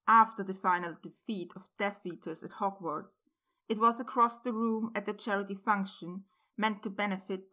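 A woman narrating fan fiction aloud in an even, measured storytelling voice. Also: mid-range voice.

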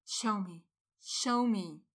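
A woman's voice: mid-range voice, very slow. A woman reading a story aloud, voicing an emotional young man who speaks in a breathless, half-whispered way. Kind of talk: reading fan fiction aloud.

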